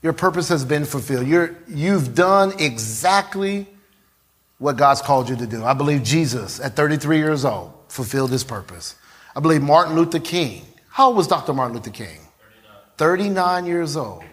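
A middle-aged male pastor delivering a sermon in a voice pitched a touch above most men's. He leans hard on repeated phrases and draws the congregation into call and response. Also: lively intonation, normal speed, slightly rough. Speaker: preacher.

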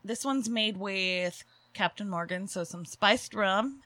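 A woman's voice: mid-range voice, takes it slowly, sharp tone, no room sound. A young woman co-hosting a casual, playful chat, laughing often. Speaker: co-host.

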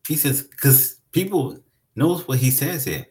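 A man's voice: on the high side, lively intonation, unhurried, a little mellow. A man preaching a conversational sermon, emphatic and repeating his phrases for weight.

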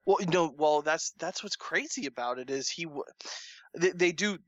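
A man's voice: on the high side, lively intonation, moderate pace, no room sound, muffled recording. A man co-hosting a casual podcast chat, laid-back and tired-sounding, with lots of fillers. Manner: laid-back, tired late-night talk with frequent fillers. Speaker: podcast co-host.

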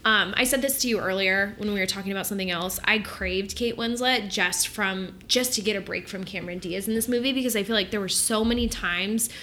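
A woman co-hosting a casual film-review chat, animated and chatty, swearing freely and saying "like" a lot. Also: medium pitch, fairly quick, hardly any pauses, a little hiss or hum. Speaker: podcast co-host.

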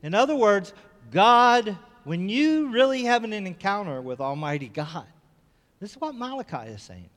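A man's voice: high-pitched, sing-song, normal speed, fairly bright tone, long reverb tail. A man preaching a sermon as pastor, telling a story and building to fervent repeated cries.

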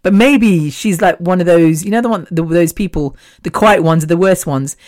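A woman's voice: lowish voice, moderate pace, a little mellow. A woman hosting her own podcast in a casual, rambling solo chat, laughing often between thoughts. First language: Punjabi. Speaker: podcast host.

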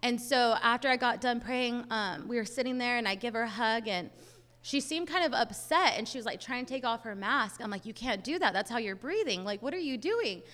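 A woman's voice: a little high, animated, a little fast, fairly bright tone. A young woman sharing a personal testimony in a sermon, talking casually with lots of filler words. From Hispanic family, US. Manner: casual storytelling, many "like" fillers. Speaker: church speaker. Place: church sanctuary. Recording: long hall reverb.

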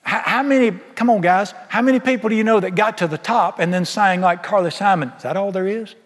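Folksy preacher in a reverberant church. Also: male voice, sits high, fairly quick. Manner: folksy, emphatic preaching with rhetorical questions. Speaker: pastor. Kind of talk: sermon. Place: church sanctuary. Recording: long reverb of a large hall.

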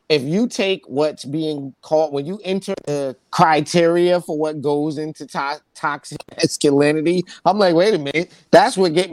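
A man's voice: a little high, no room sound. A man hosting a casual podcast chat, often tagging his points with "right?" and restarting sentences. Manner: peppers talk with "right?" tags, restarts. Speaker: podcast host.

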